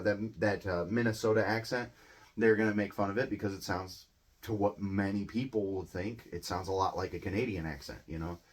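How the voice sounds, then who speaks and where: A man with a Midwestern American accent teaching English in a relaxed, conversational way, often checking in with tag questions. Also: fairly low pitch. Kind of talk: casual explanatory lesson.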